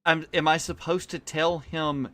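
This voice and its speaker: A man's voice: on the high side, steady tone, unhurried, fairly bright tone. A man streaming a video game and chatting casually, rambling with fillers and laughs. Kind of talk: casual chat while playing.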